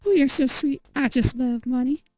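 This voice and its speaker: A sweet-as-syrup young Southern woman, put on by a female player, cooing every line coyly and stretching her words out slow. She's a gold-digging date in a video game, her voice lifted a little higher and softer than the player's own, mellow in tone and close on a dry mic. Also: no echo, soft background music, natural voice, low-quality recording. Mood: eager. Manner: sugary, coy, drawn-out.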